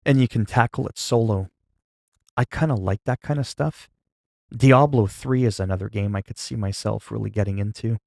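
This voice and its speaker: A laid-back male streamer talks with his viewers in a low voice. His delivery is calm and low-key, and some listeners hear it as half asleep. The sound is close and dry, with a gravelly edge. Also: dry recording. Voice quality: sleepy-sounding, flat delivery. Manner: low-key, calm and unhurried, not hyped. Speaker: livestreamer. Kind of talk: casual live-stream chat with viewers.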